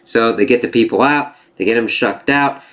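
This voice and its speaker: A man's voice: mid-range voice, normal speed, a bit bright. A man giving an opinionated spoken review of a TV series. He is blunt and exasperated, swears heavily, and slips into mocking voices when he quotes characters.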